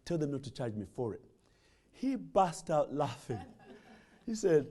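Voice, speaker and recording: Animated man. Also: a little high, unhurried. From Uganda. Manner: animated storytelling with jokes and repeated restarts. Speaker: guest speaker. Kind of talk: humorous motivational speech.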